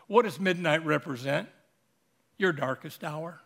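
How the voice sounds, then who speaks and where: Animated high-voiced man preaching. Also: unhurried. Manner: animated, asks the congregation rhetorical questions. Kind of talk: sermon.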